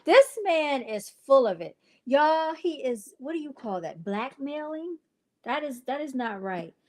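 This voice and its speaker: A woman's voice: high-pitched, animated, a little slow, a little mellow. A woman hosting her own livestream channel, talking casually to viewers with chatty, exasperated asides. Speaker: channel host and clothing brand founder.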